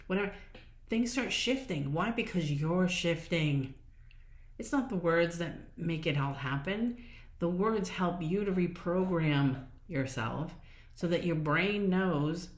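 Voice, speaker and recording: A woman with a lowish voice hosts a motivational solo podcast in a reverberant space. She keeps things casual and encouraging, voicing small inner thoughts as she talks.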